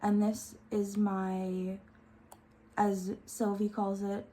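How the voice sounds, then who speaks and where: A young woman hosts her tarot vlog in a relaxed, unhurried way. Her voice is mellow and soft-edged, and she gushes with open enthusiasm, at medium pitch. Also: rough recording. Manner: gushing, enthusiastic. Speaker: tarot vlogger. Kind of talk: casual chat.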